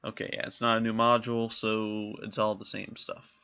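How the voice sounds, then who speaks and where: A man's voice: lowish voice, little pitch movement, moderate pace, sharp tone, clean tone, lo-fi sound. A man casually commenting while playing a role-playing game, chatty and self-amused. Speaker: let's play host.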